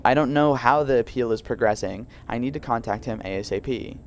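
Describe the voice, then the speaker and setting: A man doing a quiet low-voiced reporter. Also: brisk, a little hiss or hum, lightly acted. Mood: low-key. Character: calm low-voiced male reporter prisoner. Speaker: game character.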